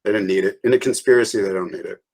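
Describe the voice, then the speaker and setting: A man's voice: deep voice, rapid-fire, gravelly, darkish tone, low-quality recording. A man being interviewed, telling a long story in a loose, rambling way with restarts and small laughs. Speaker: interview guest.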